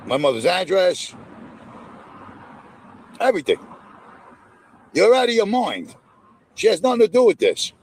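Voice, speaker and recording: Gravelly, angry man, lively pitch. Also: measured pace, pauses often. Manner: angry, cursing. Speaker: guest on a livestream.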